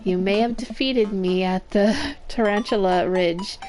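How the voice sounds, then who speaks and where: A woman voicing a playful adult dad who hams up mock-villain lines, over soft game music. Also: mid-range voice, fairly even intonation, measured pace, close to an everyday voice. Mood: mock menacing.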